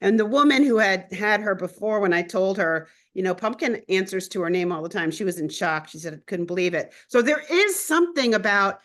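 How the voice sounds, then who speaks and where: Woman host telling animated stories. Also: medium pitch, fairly quick, few pauses. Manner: animated storytelling, laughs often. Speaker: host and astrologer. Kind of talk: casual conversational interview.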